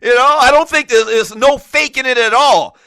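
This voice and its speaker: A man hosting a sports talk show in a studio, delivering a passionate, animated monologue that often escalates into shouting. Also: extremely high pitch, normal speed, no room sound. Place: radio studio.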